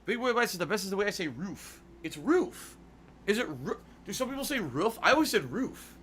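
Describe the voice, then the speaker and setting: A man's voice: sits high, very animated, brisk, a bit bright, slight background noise. A man casually chatting on a gaming livestream, rambling and musing aloud with some swearing, yawny tonight. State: yawny, sleepy. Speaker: streamer.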